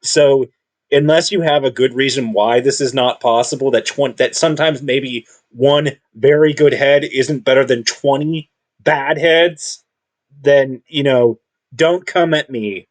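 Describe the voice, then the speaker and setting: Rambling, combative man thinking aloud. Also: medium pitch. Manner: rambling, halting, many restarts and fillers; combative, self-assured. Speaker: video commentator. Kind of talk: unscripted monologue.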